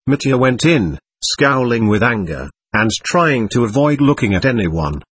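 A man narrating a novel as an audiobook in an expressive storytelling manner, close to the mic. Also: medium pitch, unhurried, breathy edge, no room sound.

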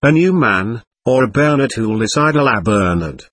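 A man reading an audiobook voices a young prisoner on the eve of his trial, desperately and passionately pleading with his brother for the truth. His mid-range voice is husky, a bit bright and very expressive, rising and falling a great deal at a moderate pace. The recording is dry and close.

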